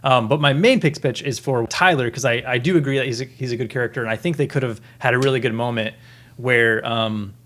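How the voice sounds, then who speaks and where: A man's voice: mid-range voice, fairly quick, fairly bright tone. A man in his thirties co-hosting a podcast, chatting casually and earnestly, with many restarts and fillers. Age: 30s. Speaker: podcast co-host. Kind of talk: casual review chat.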